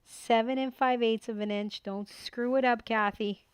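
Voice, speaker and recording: A middle-aged woman hosting a papercraft tutorial, chatting casually and excitedly while she works and talking herself through each step at her desk at home. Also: fairly high pitch, normal speed, clear, resonant tone, no echo, studio quality. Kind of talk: casual crafting tutorial chat.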